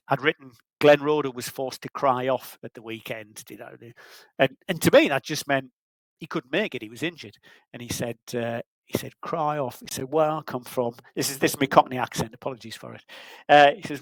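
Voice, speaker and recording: A man's voice: medium pitch, dry recording, poor audio. A man in his sixties, a veteran journalist, telling rambling, self-deprecating stories in an interview over a video call. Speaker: guest, veteran football journalist. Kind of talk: anecdotal interview storytelling.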